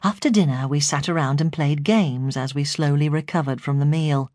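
A woman narrates her own memoir as an audiobook, telling her story at a steady, measured pace. Her voice sits low, and the recording is dry and close, with no room sound. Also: no room sound. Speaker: foster carer and memoir narrator.

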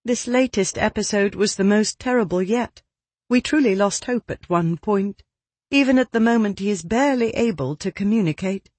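A narrator voicing a refined young gentlewoman, polite and measured, in an audiobook. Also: mid-range voice, dry recording, pitched above the performer's own voice, lightly acted. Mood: gracious.

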